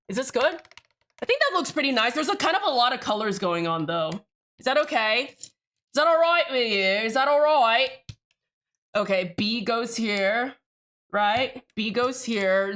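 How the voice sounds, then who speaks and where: Young woman streamer just rambling at chat while building a keyboard, kinda high and really bright, swears here and there. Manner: rambling and chatty, talking to viewers, swears casually.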